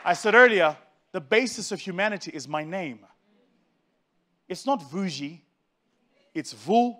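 A man with a South African accent telling a humorous story to a live audience in an animated, joking, conversational way. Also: high-pitched.

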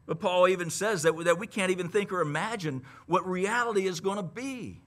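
A man's voice: high-pitched, a little fast. A man preaching a sermon as pastor, teaching conversationally with lots of restarts and asides. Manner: conversational, animated Bible teaching with many restarts.

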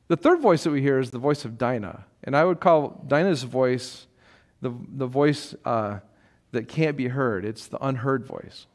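Male pastor, middle-aged, sermon, slightly high-pitched, conversational, restarts often, church sanctuary. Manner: conversational preaching with frequent restarts and light laughs; acts out quoted voices with sharp rises in pitch.

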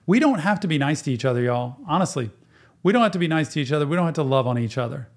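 A man's voice: on the high side, expressive, rapid-fire. A man who works as a therapist, hosting a casual reaction show and giving earnest advice. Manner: earnest, advising.

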